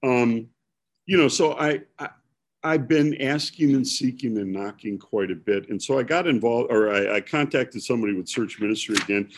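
A man's voice: mid-range voice, normal speed. A man from Milwaukee, preaching in a casual, rambling storytelling way with self-deprecating humor.

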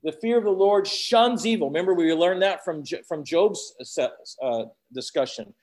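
A man preaching a sermon, acting out prayers and quotes with sudden swings from loud exclamations to hushed tones. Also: high-pitched, moderate pace.

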